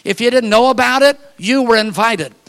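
An older man preaching a sermon, telling folksy stories and building to fervent, shouted appeals. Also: very high voice, normal speed, clean tone. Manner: fervent, rising to shouted calls; folksy storytelling with repeated phrases.

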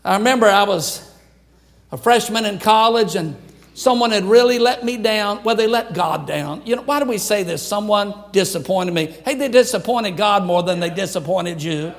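A man's voice: high-pitched, normal speed. An older man from Louisiana preaching a sermon in an emphatic, repetitive cadence. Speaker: pastor.

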